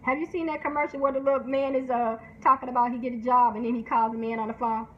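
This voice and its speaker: A high-voiced woman talks casually and candidly, laughing often and briefly putting on other people's voices. Her advice comes across as frank and lively. The sound is a little dull, with a faint hiss behind it. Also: fast. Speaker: book promotion specialist and host. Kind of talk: casual advice talk, live stream. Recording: slightly dull sound with faint background noise.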